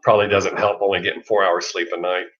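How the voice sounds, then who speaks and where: A man's voice: low-pitched, little pitch movement, fast talker, a bit bright. Rambling Southern man on a livestream. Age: middle-aged. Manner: rambling, swears freely, laughs often. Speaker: livestream host. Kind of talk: casual live chat. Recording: lo-fi dull sound.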